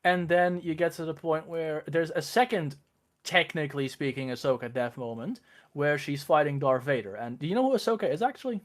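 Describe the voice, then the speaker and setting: Rambling, slightly high-voiced young man. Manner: rambling, quick, laughs often, many restarts. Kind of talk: casual stream chat.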